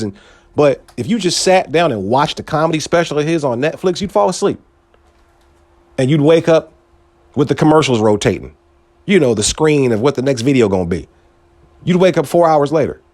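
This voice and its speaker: A man talks through a loose, profanity-laced podcast rant and jumps his pitch up and down. His delivery is lively and full of swings. The sound is dry and close, with no room around it. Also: no echo. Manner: animated, swings pitch up for emphasis, profane street slang. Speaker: podcast host. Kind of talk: casual monologue commentary.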